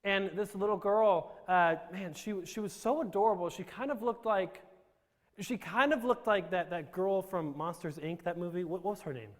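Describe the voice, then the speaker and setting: High-voiced man joking in a big hall. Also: normal speed. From Romania. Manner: joking, self-deprecating, rambling with restarts. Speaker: speaker telling his life story. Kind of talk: humorous storytelling to a live audience. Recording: reverberant hall.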